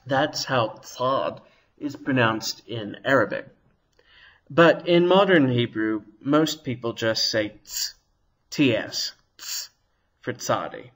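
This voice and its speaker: A man's voice: mid-range voice, slow, a bit bright, low-quality recording. A man teaching a recorded language lesson, explaining patiently and sounding out consonants to demonstrate them.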